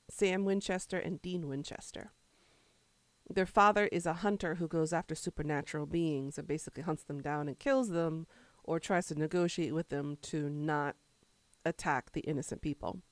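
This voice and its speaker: A woman's voice: on the low side, dry recording. A woman streamer chatting casually with her viewers, rambling between topics and answering chat while she eats.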